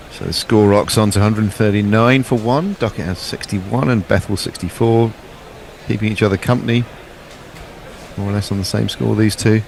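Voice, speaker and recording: A man's voice: on the low side, a little hiss or hum. A man giving chatty, jokey ball-by-ball cricket commentary. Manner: chatty, jokey, describes play.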